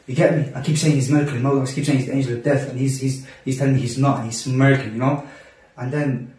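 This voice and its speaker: A young man telling a personal story in casual talk among friends, animated and full of restarts. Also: mid-range voice, fast. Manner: animated, acts out quotes, many restarts. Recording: roomy echo, distant mic.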